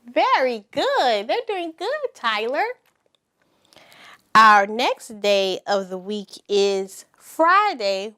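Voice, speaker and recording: A woman teaching a preschool circle-time lesson, speaking slowly and clearly with lots of encouraging praise for the children. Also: on the high side, big pitch swings, pushed and bright. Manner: slow, exaggerated, encouraging teacher talk.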